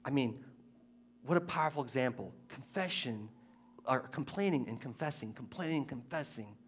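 A man preaching a sermon, moving between quiet, conversational asides and loud, impassioned scripture readings, often asking the listeners questions. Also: medium pitch, expressive, fairly quick, slight background noise. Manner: conversational, asks the audience questions.

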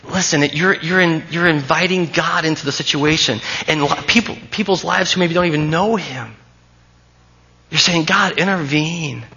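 A man's voice: a little high, normal speed, sharp tone, lo-fi sound, a little hiss or hum. A man preaching a sermon as pastor, earnest and emphatic, often repeating key phrases.

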